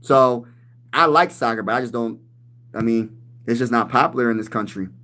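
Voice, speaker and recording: With a mid-range voice at a moderate pace, a man in his thirties chats through comments on a casual sports livestream. He keeps it slangy, says "bro" to everyone, and erupts into shouts when something riles him.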